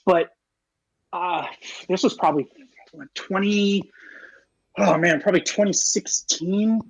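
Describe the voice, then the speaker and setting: A man talking fast and rambling with lots of fillers in casual podcast chat. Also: high-pitched, gravelly, no echo, low-quality recording. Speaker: podcast co-host.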